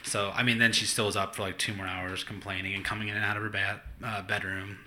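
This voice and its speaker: Bright, fast-talking young dad telling a story. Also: male voice, fairly low pitch, slight background noise. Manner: animated storyteller, swears, acts out quotes. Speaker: podcast co-host. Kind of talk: casual chat.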